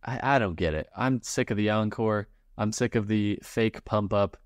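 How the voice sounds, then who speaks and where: A man with a lowish voice co-hosts a podcast in casual chat. He rants with exasperation and drops into mimicked hype-man lines. The sound is dry and close. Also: normal speed, no echo. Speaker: podcast co-host.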